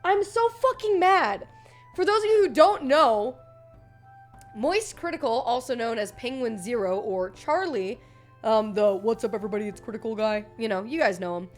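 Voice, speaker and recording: A young woman chats on her stream in a high, animated voice. She rambles, swears freely and laughs a lot, putting on other people's voices. Faint music plays behind her. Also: unhurried. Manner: animated voice swings, mimics others. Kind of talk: casual stream chat.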